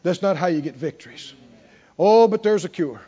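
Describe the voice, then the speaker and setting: A man preaching a sermon with animated emphasis, often asking the congregation questions. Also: high-pitched, moderate pace. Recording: dull lo-fi recording.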